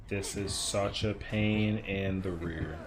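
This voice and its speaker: A man's voice: low voice, very noisy. A young man casually commentating his own gameplay on a livestream, swearing in frustration and chatting with viewers. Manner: frustrated, swearing, talking to chat. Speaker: streamer.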